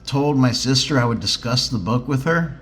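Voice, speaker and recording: A man's voice: mid-range voice, moderate pace, a bit bright, faint music behind. A man co-hosting a podcast in casual chat, joking and sarcastic, swearing freely with lots of ums and uhs. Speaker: podcast co-host.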